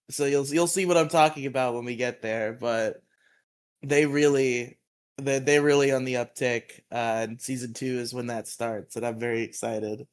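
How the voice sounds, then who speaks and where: A man's voice: medium pitch, steady tone, moderate pace, clear, resonant tone. Chatty laughing man recapping a show. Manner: laughs often, hums theme tunes, chatty. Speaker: podcast co-host. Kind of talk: casual episode recap.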